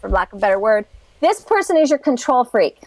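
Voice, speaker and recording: A woman's voice: a little high, big pitch swings, a little fast, no room sound. A woman guest in an interview, talking in a chatty, enthusiastic way and acting out little quotes as she explains. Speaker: guest expert. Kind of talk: animated interview talk.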